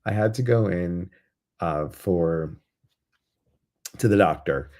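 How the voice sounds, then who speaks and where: Hosting a live guided meditation, a man with a low-sitting voice chats and laughs easily while reading out viewer comments. He then eases into soft, soothing guidance.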